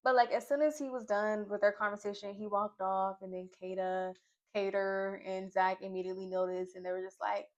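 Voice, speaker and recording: A woman's voice: medium pitch, fairly even intonation, brisk. Chatty opinionated woman reviewing reality TV. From Nashville, Tennessee. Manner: chatty, opinionated, lots of fillers. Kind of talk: casual recap commentary. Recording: slightly dull lo-fi audio.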